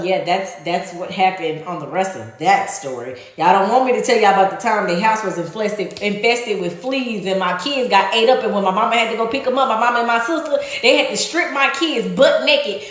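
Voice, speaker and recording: A woman telling a personal story in a casual storytime, animated and profane, laughing as she goes, recorded in an echoey room. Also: medium pitch.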